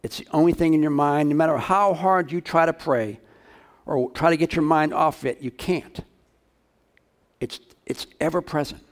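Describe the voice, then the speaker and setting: A man's voice: on the high side, fairly even intonation, moderate pace. Man preaching in a conversational way. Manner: conversational preaching, rhetorical questions to the congregation. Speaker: pastor. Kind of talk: sermon.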